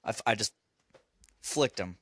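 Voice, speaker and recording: A man's voice: fairly low pitch, measured pace, a bit bright, dry recording. A man telling a parenting story on a casual podcast, swearing and laughing as he goes. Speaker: podcast host; father.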